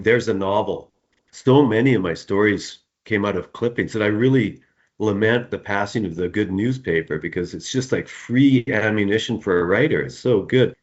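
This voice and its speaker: Low-voiced man rambling about writing. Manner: rambling, repeats words, laughs often. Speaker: author, interview guest. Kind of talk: relaxed conversational interview answers. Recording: dull, muffled sound.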